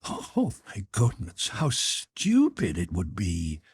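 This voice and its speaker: A man voicing an emotional young noblewoman, breathy and pleading, in an audiobook. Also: sits low, slow, no room sound, heavily acted. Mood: excited. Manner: lifted, pleading, excitable delivery. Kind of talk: audiobook character voice.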